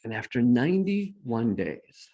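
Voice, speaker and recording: A middle-aged man takes it slowly as he tells a personal story as a guest speaker, his medium-pitched voice captured on dull audio. He stays self-deprecating and animated, performing the voices of the people he quotes.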